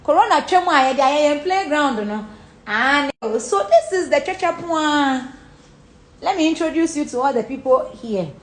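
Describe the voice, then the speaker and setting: Her voice sits high and expressive at a normal speed as a young celebrity woman with a Ghanaian accent tours her home for the camera. The talk is casual and animated, blunt and laced with swearing, combining Pidgin and Twi.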